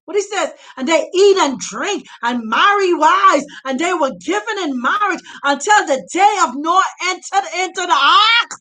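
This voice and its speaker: A woman preaching a sermon, fervent and impassioned, shouting her exhortations and at times near tears. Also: very high-pitched.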